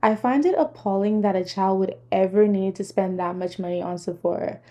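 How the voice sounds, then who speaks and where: A woman's voice: medium pitch, fairly even intonation, brisk, mellow. A young adult woman delivering scripted, earnest and critical commentary as a vlogger.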